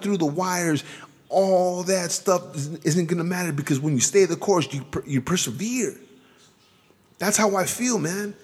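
A man's voice: a little high, slightly rough, big-room sound. A man hosting his own motivational podcast, talking earnestly with lots of repeated words and restarts. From Southeast San Diego. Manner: earnest, repetitive, stumbling restarts. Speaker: podcast host.

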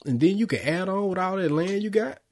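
A man's voice: high-pitched, expressive, fairly quick, darkish tone. A man co-hosting a casual podcast chat, joking and laughing often as he steers the talk. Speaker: podcast co-host.

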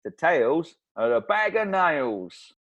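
A man's voice: a little high, very animated, slow pace, dull audio, very noisy. A man co-hosting a comedy podcast, teasing and laughing often in casual chat. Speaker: podcast co-host.

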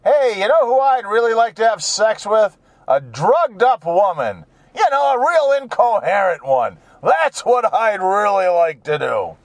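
A man's voice: high-pitched, big pitch swings, measured pace, no room sound, full character voice. A man putting on the voice of a lecherous older stand-up comic, with a leering, mock-bragging delivery.

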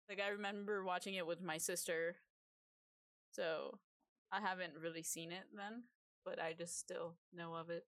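A woman's voice: on the low side, fairly even intonation, unhurried, long pauses, a bit bright, dry recording. A woman co-hosting a podcast, talking casually in a rambling way, with restarts and casual swearing. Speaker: podcast co-host.

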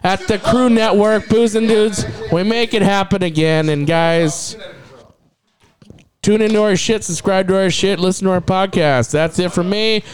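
A young man hosting a comedy dating show, loud and teasing. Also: high-pitched, fairly even intonation, a little slow. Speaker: show host.

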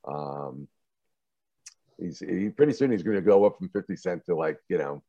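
A man's voice: low voice, moderate pace, no echo, highs cut off. A man, a TV producer, casually recounting stories from his career in an interview, acting out the voices of the people in them and laughing often. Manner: animated, acts out quoted voices, laughs often.

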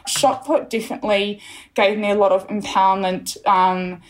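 A woman's voice: medium pitch, steady tone, normal speed. A bubbly young woman from New Zealand, a podcast guest, chatting casually and laughing often as she tells her story.

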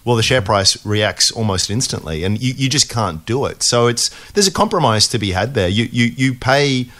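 A man's voice: medium pitch, expressive, moderate pace, fairly bright tone. A man, co-hosting an investing podcast, restarting his sentences often and poking fun at himself. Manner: hesitant, many restarts, self-deprecating. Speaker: podcast co-host. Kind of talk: casual investing podcast chat.

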